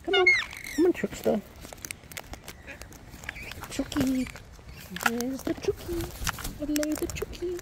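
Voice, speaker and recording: A woman's voice: high voice, sing-song, slow pace, gravelly, long pauses. Sing-song woman cooing at her birds. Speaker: bird keeper filming her pets. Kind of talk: casual talk to pet birds. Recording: loud background noise with bird calls. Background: birds squawking and honking.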